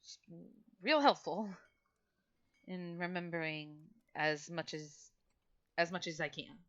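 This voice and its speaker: A woman voicing a polite, awkward male red tiefling who speaks quietly and hesitantly. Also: lowish voice, takes it slowly, clean tone, dull audio. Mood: quiet concern.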